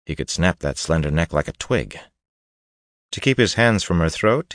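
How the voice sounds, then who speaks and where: A man reads an audiobook in a steady, even manner. His voice is very deep, and the recording is dry and close. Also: dry recording. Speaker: narrator. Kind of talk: audiobook narration.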